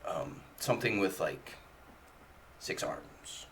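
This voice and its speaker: Guy in a tabletop game, slow halting talk, bright voice, hams it up. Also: deep voice, expressive, a little hiss or hum. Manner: hesitant, playfully dramatic. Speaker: player. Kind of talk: in-character tabletop play.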